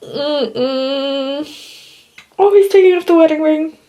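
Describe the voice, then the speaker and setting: A woman's voice: high-pitched, slow, pauses often, dark tone, muffled recording. A woman vlogging her reading, giving a gushing, emotional running commentary full of laughter. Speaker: book vlogger. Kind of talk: casual reading vlog reactions.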